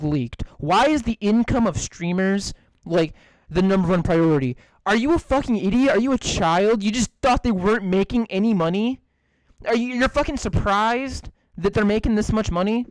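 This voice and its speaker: A man's voice: sits high, clear, resonant tone, no room sound, rough recording. A young man co-hosting a podcast, ranting in casual chat with lots of swearing and fillers. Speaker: podcast co-host.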